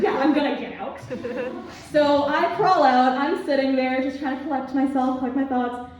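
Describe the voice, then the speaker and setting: A woman's voice: high-pitched, normal speed, darkish tone. Young woman doing student stand-up, echoey. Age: young adult. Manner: laughs at own jokes, lots of ums. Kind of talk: stand-up comedy set. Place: student comedy club stage. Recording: echoey, distant, dull room recording.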